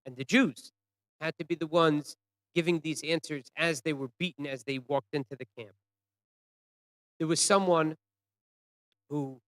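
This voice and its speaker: A man telling a story to an audience, halting and repeating words, dropping to a hush and rising loud. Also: on the high side, no room sound. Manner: voice swings from hushed to loud for quoted cries.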